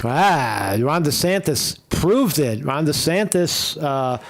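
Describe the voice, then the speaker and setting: A man's voice: fairly high pitch, animated, slow, over music. Blunt, profane male commentary host. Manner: blunt, profane, rambling opinions. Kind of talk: casual political commentary stream.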